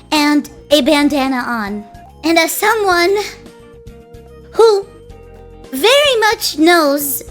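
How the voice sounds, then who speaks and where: A woman streamer telling a story casually, in an animated and rambling way, often breaking off and interrupting herself. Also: high voice.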